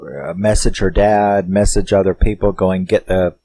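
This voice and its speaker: A man's voice: low voice, fairly even intonation, normal speed, dark tone, poor audio. A man giving a casual, rambling horror film review, swearing freely and chuckling, with plenty of filler words.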